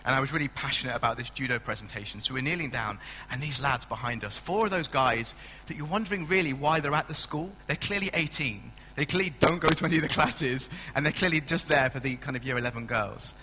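Bright-voiced preacher. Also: male voice, medium pitch, fast talker, hardly any pauses, slight background noise, poor audio. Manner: chatty, self-mocking, storytelling. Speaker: pastor. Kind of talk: sermon. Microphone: stand mic.

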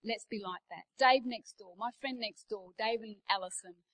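A woman's voice: mid-range voice, normal speed, fairly bright tone, poor audio. A middle-aged woman with an Australian accent, preaching a sermon as a guest speaker in a church, telling anecdotes with emphasis.

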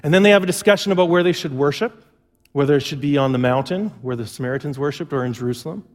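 A man's voice: on the high side, fast talker. A male pastor preaching a sermon, telling stories and acting out the lines he quotes. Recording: long hall reverb.

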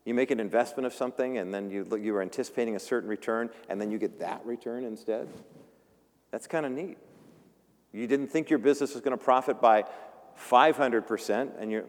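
A male pastor preaches a conversational sermon, cracking jokes and performing the different characters' voices in the story. His pitch is medium, his pace fairly quick, and a large room gives long reverb.

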